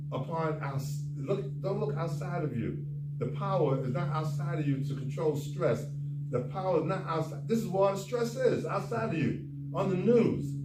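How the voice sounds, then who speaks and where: A man, a doctor, giving a folksy, animated talk at a men's conference, speaking straight to the audience. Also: high voice. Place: conference room. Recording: echoey hall, far from the mic, faint noise.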